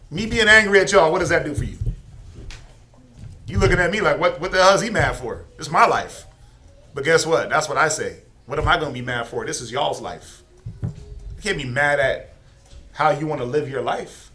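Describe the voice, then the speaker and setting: A man leads a Bible class in a loose, conversational preaching style. His voice is bright and forceful and sits a little high. He keeps asking the class rhetorical questions. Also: expressive, moderate pace, long pauses, a little hiss or hum. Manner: informal, many rhetorical questions.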